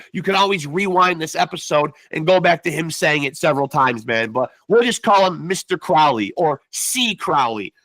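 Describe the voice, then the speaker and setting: Man, fifties, american, chatty podcast host, stammers, very bright, dry close sound. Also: high voice, no room sound. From United States. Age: 50s. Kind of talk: casual interview podcast.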